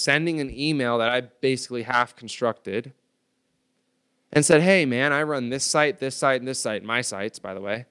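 A young man in his twenties, a podcast guest, telling a story in casual slangy talk, getting loud when he acts out his anger. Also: medium pitch, smooth. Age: 20s.

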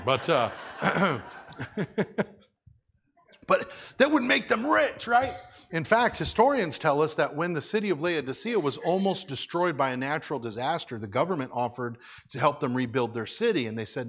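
A man's voice: on the high side, very animated, normal speed, a bit bright, breathy edge. A man preaching a sermon as a pastor, in a conversational way, asking the congregation questions.

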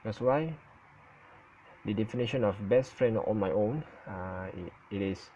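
A man whose first language is Malay, giving his opinion in casual talk on his channel, halting and stuttering and often correcting himself. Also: fairly low pitch, mellow, muffled recording, a little hiss or hum. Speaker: vlogger. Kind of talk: casual spoken opinion recording.

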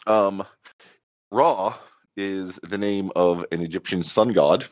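Low-voiced casual podcast host, man. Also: takes it slowly, darkish tone, no echo, highs cut off. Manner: chatty, joking, trailing off. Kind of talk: casual chat.

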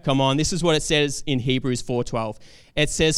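Eager preacher with a smooth voice. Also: male voice, medium pitch, expressive, moderate pace, no room sound, studio quality. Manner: enthusiastic, conversational, with fillers and restarts. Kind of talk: casual preaching sermon.

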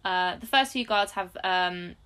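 A woman's voice: medium pitch, unhurried, fairly bright tone, smooth. A woman co-hosting a casual book discussion, chatty, laughing often and acting out characters' lines. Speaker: podcast co-host.

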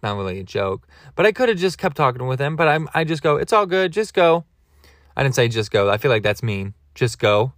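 A man's voice: medium pitch, big pitch swings, fast talker, hardly any pauses, fairly bright tone, no room sound, clean studio sound. A man hosting a podcast, telling a comic story in a rambling, digressive, self-mocking way. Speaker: podcast host. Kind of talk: comedic storytelling monologue.

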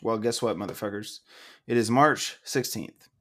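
A man co-hosting a casual podcast, ranting loudly and angrily with lots of swearing and laughter. He is a little drunk. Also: fairly low pitch, normal speed. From Oklahoma, USA. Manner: loud, profane, ranting, laughing. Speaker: podcast co-host.

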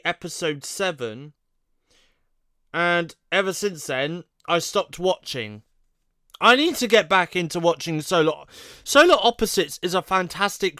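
A man's voice: high-pitched, a bit bright, clean tone, no echo, clean studio sound. A man casually chatting on his own as a vlogger, rambling and thinking aloud, often unsure of himself. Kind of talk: casual solo chat to camera.

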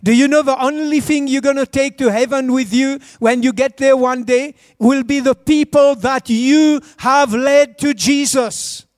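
A man's voice: very high voice, steady tone, a little slow, few pauses, dry recording, clean studio sound. A man preaching a sermon as a pastor in a church, urging the congregation to answer back. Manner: urges the congregation to respond.

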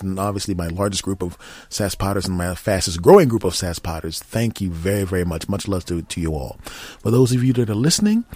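Deep husky guy rambling and cracking crude jokes on his podcast. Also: a little mellow, no room sound. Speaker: podcast host. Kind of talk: casual comedic monologue.

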